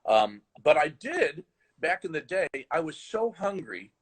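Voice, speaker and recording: A man who teaches the horn, telling stories in animated conversation with frequent restarts over a video call. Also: on the high side, unhurried, breathy edge, low-quality recording. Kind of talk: conversational storytelling.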